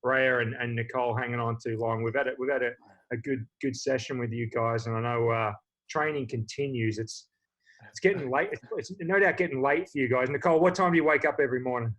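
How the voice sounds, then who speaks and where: A man's voice: medium pitch, fairly even intonation, a little fast, a bit bright. A man hosting a casual video-call interview, upbeat and chatty, often restarting his sentences. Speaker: host.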